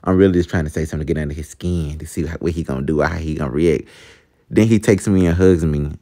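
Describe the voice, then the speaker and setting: Young male vlogger, low voice, chatty storytime delivery that keeps calling out to viewers. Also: fast, dark tone. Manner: chatty, addresses viewers as y'all, laughs at himself. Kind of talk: casual storytime vlog.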